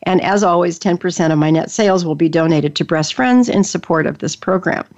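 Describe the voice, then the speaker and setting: An older woman hosting an interview show, chatty and enthusiastic, often restarting her sentences. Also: lowish voice. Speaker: podcast host. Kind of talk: casual interview chat. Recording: dull lo-fi audio.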